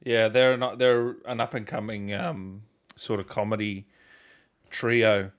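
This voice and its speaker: An Australian man interviewing a guest in a relaxed, easygoing chat. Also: fairly low pitch. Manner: relaxed and easygoing, quick to laugh. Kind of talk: casual chat.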